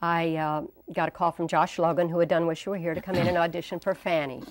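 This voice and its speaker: A woman's voice: on the low side, fairly even intonation, fast talker. A woman in her sixties, an interview guest, telling stories animatedly and acting out the voices of people she quotes. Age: 60s. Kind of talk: casual storytelling interview.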